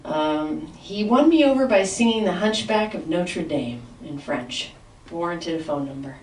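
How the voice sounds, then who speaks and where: A woman comedian rehearsing a stand-up set in a class, talking haltingly with many fillers and restarts, and laughing at her own jokes. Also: lowish voice, animated, darkish tone, slight background noise. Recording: echoey room, voice from a distance.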